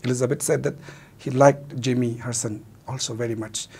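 Man, Manipuri accent, Meitei-English mix, teacher explaining a play, husky voice, mid pitch. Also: fairly even intonation, brisk, dark tone. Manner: mixes Meitei and English, glosses words. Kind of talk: explaining a play in a recorded lesson.

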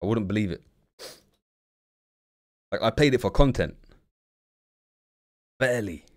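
A young man talks casually in a somewhat low voice, blunt and full of slang. He swears freely and chats loosely with his viewers as he reacts on a live stream. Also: lively intonation, unhurried, darkish tone.

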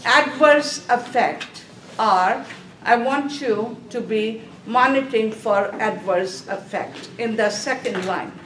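A woman's voice: on the high side, takes it slowly, a bit bright, slight background noise. A woman lecturing nursing students, asking questions and answering them herself and repeating key terms. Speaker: nursing instructor. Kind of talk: classroom lecture. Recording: echoey room, mic far off.

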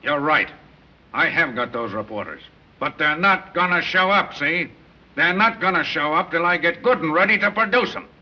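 A cocky slang-talking gangster. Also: male voice, on the high side, animated. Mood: pushy. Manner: fast-talking, pushy street slang. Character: cocky gangster bargaining with police. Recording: dull 1930s film soundtrack with hiss.

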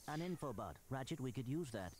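A man's voice: mid-range voice, animated, a little fast, a little mellow, slight background noise, close to an everyday voice. A man voicing a small, polite, brainy robot sidekick in a video game, precise and matter-of-fact. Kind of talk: video game cutscene acting.

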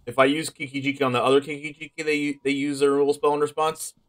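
A man commentating his own card game live, thinking aloud through plays and breaking into excited outbursts. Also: a little high, racing. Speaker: streamer playing a card game.

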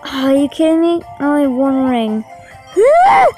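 Gaming host, woman, high voice, unhurried delivery, flips between excited yelps and frustrated grumbling, faint game music behind. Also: rough recording. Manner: excitable, easily frustrated, talks to viewers. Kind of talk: let's-play commentary.

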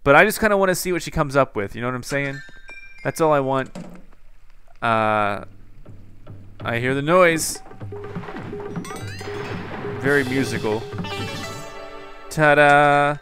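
A man's voice: medium pitch, lively intonation, moderate pace, pauses often, fairly bright tone, soft background music. A young man giving casual, joking commentary on his own gameplay and talking to himself as he plays. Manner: joking, rambling, self-talking.

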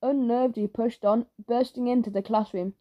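A woman narrating a children's audiobook in a lively storytelling manner. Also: a little high, moderate pace, muffled recording. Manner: lively storytelling with character voices.

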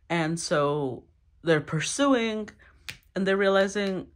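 A woman giving a solo tarot reading, thinking aloud with sighs, restarts and throat clearing. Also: mid-range voice, slow pace. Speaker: tarot reader.

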